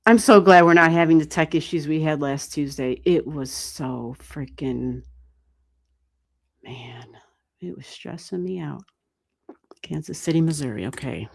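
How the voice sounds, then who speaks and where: A woman giving live astrology readings on a stream, chatty and animated, swearing casually and laughing often. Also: sits low, a little slow, vocal fry, long pauses. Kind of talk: casual livestream chat.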